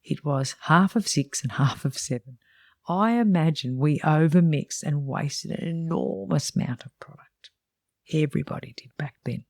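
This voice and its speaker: A woman's voice: low-pitched, gravelly, a little mellow, dry recording, studio quality. A middle-aged woman who mentors salon owners and hosts a podcast, reading her own book aloud in a frank, chatty way with wry asides.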